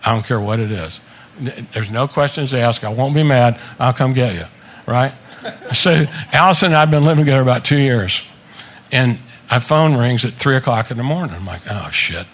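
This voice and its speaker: A man's voice: mid-range voice, moderate pace, slight background noise. A man in his seventies giving a casual, joking birthday speech at a party into a handheld microphone, swearing freely and laughing at his own stories. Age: 70s. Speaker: birthday speaker. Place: party venue with guests.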